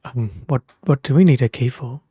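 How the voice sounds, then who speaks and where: A man playing in a tabletop game, hesitant and pausing often. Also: medium pitch, mellow, breathy edge, dry recording, studio quality. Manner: hesitant, many pauses. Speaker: player. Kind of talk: casual tabletop play.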